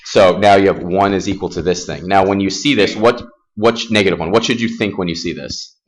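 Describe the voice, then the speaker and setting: A man teaching a calculus class in a classroom, casual and self-deprecating, firing quick questions at his students. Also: deep voice, slight background noise. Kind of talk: classroom math lesson.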